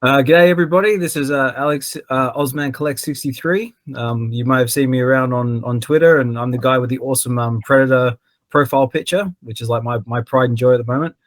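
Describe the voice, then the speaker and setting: A man's voice: mid-range voice, steady tone, fast, no room sound. A man chatting casually, hesitant with many fillers. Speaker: podcast panelist. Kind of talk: casual chat.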